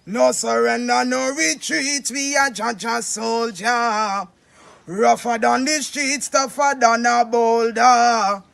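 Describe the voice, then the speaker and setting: A woman giving a defiant, rhythmic chanted promo shout-out. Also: a little high, fairly even intonation, slow, gravelly, soft background music.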